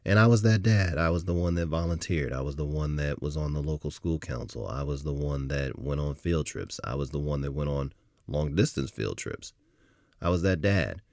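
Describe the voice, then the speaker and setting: A middle-aged man with a very deep, low voice tells a personal story. He speaks with animated emphasis that builds as he goes, in a dry, close recording with no room sound. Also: moderate pace, no echo. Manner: animated, emphatic retelling with rising intensity. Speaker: podcast host.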